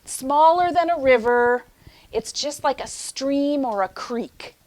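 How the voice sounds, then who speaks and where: A young adult woman teaching a phonics lesson to young children in an animated, sing-song teacher voice. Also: high voice, slight background noise. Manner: animated, sing-song teacher voice, slows for chanted poem lines.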